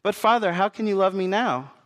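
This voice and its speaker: A man's voice: high-pitched, animated, fairly quick, fairly bright tone, big-room sound. A man voicing a frightened, remorseful young girl who pleads tearfully. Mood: astonished.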